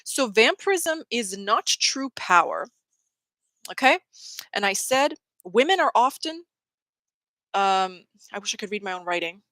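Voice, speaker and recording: A young adult woman hosting a casual spiritual talk, opinionated and quick to quote people in mocking voices. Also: medium pitch, a bit bright, no room sound, low-quality recording. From Canada. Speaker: host.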